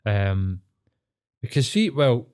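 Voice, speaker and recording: A man with a Glaswegian Scottish accent, co-hosting a podcast, telling stories in a casual, sweary, animated way. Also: medium pitch, slow pace, clean tone. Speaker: podcast co-host. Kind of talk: casual chat.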